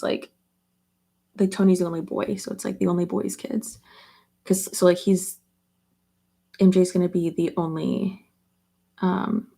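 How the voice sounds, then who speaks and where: Husky, mellow young woman chatting. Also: medium pitch. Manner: chatty, rambling with many fillers. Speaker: beauty vlogger. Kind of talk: casual get-ready-with-me chat.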